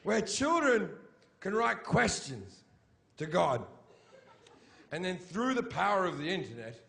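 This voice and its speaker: A man's voice: high-pitched, big pitch swings, measured pace, gravelly, a bit bright. A middle-aged man doing a stand-up comedy routine on stage, blunt, profane and mocking. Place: comedy stage before a live audience.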